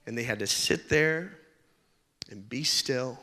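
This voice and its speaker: A man's voice: mid-range voice, lively intonation, takes it slowly, pauses often, pushed and bright, long reverb tail. A man preaching a sermon, mixing jokes and everyday stories into his message in a conversational way. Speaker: pastor.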